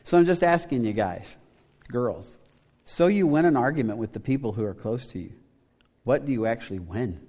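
A middle-aged male pastor with a warm, expressive, medium-pitched voice preaches at a normal speed. His conversational sermon poses rhetorical questions to the congregation in a church sanctuary, captured with the long reverb of a church hall.

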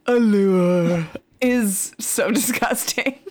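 Young woman, podcast co-host, casual chat, quick interjections, animated pitch. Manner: quick reactive interjections, playful swearing. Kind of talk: casual movie recap chat.

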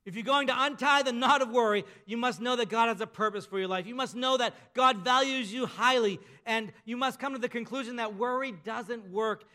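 A man preaching a sermon, emphatic, slowing down and dropping softer at the ends of key phrases. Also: very high-pitched. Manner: emphatic preaching with slow drawn-out endings. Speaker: pastor.

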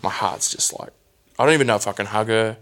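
A man telling his personal story as a guest, candid and halting, often restarting his sentences. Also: fairly low pitch, fairly bright tone.

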